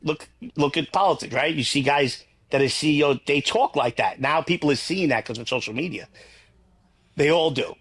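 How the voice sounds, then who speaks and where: A man's voice: fairly high pitch, moderate pace, fairly bright tone, breathy edge. A man, a guest in a casual interview, talking bluntly in long, rambling runs and swearing freely. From New York.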